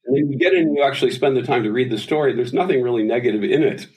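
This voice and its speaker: Speaking very fast in a mid-range voice, this singer in his sixties chats casually as an interview guest. He tells anecdotes animatedly, putting on voices for the characters, and the recording is rough.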